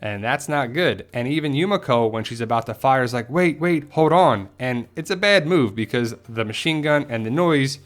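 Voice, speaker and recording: A man at a mid pitch chats through a casual episode recap and theory breakdown. He talks loosely and animatedly, and he drops into the characters' lines as he goes. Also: moderate pace, few pauses. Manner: chatty, animated, acts out quotes. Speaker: TV show commentator.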